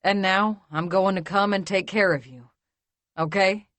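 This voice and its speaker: A woman voicing a protective young man who speaks in a smooth, calm, soothing drawl. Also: mid-range voice, unhurried, no room sound, lightly acted.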